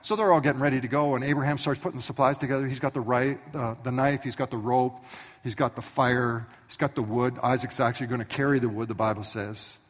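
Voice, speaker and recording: A man's voice: medium pitch, steady tone, fast talker. A man preaching a sermon who tells the story vividly and speaks directly to the congregation. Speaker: pastor. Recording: echoey hall from some distance.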